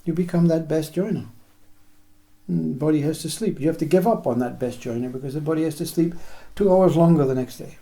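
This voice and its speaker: A man giving a reflective spiritual talk in slow, list-like phrases, often acting out small imagined dialogues. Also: on the high side, vocal fry, warm tone. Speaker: spiritual teacher.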